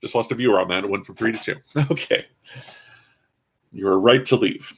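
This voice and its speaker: A man's voice: on the low side, a little fast, vocal fry, slightly rough. A man casually commenting as he builds a toy kit, rambling with dry, self-mocking asides. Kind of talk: casual live-stream commentary.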